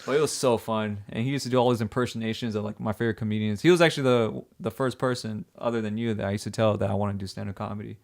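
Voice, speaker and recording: A young man co-hosting a podcast, telling lively work stories with lots of laughter. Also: on the low side, racing, creaky, few pauses. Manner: animated, laughing storyteller. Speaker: podcast co-host. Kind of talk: casual storytelling chat.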